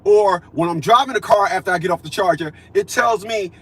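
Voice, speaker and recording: A vlogger in his fifties delivers a profane, preachy rant, repeating himself and swinging between loud declarations and low mutters. His husky voice moves briskly with few pauses.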